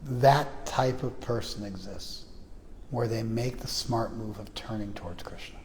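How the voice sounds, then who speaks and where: A man giving a spiritual lecture to a class, animated, swinging between quiet and loud, often checking in with "you follow?". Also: lowish voice, a little slow, in a large hall, slight background noise. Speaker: spiritual teacher. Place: class room in a temple.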